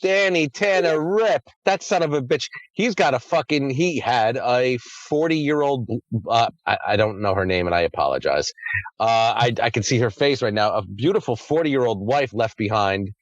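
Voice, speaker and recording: A man's voice: mid-range voice, lively intonation, normal speed, no room sound, highs cut off. A man hosting a podcast in a casual chat, rambling and swearing freely. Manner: crude, profane, rambling. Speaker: podcast host.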